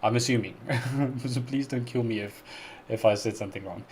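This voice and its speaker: A man's voice: medium pitch, normal speed, a little mellow, a little hiss or hum. A young man with an Afrikaans accent, native Afrikaans speaker, hosting a live stream Q&A, friendly and chatty with frequent laughs and fillers. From South Africa. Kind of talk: casual live-stream Q&A chat.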